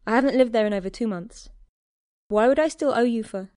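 A woman reading the lines of a shy, awkward young man in a story, hesitant and soft-spoken. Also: a little high, fairly quick, dry recording, studio quality, close to an everyday voice. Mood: tense. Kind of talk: audiobook character reading.

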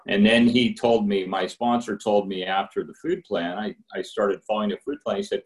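A man's voice: steady tone, normal speed. A middle-aged man giving a candid, rambling personal testimony at a recovery meeting, with restarts along the way. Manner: candid and rambling, with restarts, acting out phone calls in higher voices. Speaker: speaker sharing at a recovery meeting.

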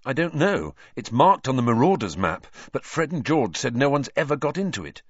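A man's voice: mid-range voice, big pitch swings, normal speed, slightly rough, no echo, lo-fi sound, voice pushed up. A man playing a grim, panting schoolboy wizard. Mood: urgent, grim. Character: determined teenage schoolboy wizard.

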